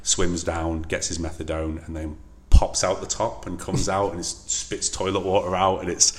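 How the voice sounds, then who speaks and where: Deep-voiced chatty man. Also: normal speed. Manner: chatty, laughs often, animated retelling of film scenes. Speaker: podcast co-host. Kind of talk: casual chat.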